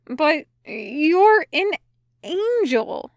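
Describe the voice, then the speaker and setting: A woman voicing a male demon who speaks slowly and hesitantly, puzzled and wary. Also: high voice, expressive, no room sound, studio quality, pitched above the performer's own voice. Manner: slow and hesitant.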